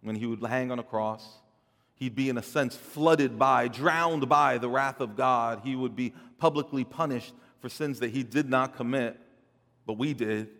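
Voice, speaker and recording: A man's voice: medium pitch, unhurried. Man preaching in a reverberant hall. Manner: dynamic delivery, swelling loud then dropping soft, with repeated words. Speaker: pastor. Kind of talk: sermon.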